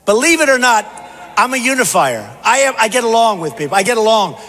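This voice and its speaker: A man's voice: very high-pitched, very animated, a little fast, pushed and bright. A man giving a campaign rally speech as a candidate, boastful and repetitive in punchy bursts. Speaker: political candidate. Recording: reverberant hall, faint background noise.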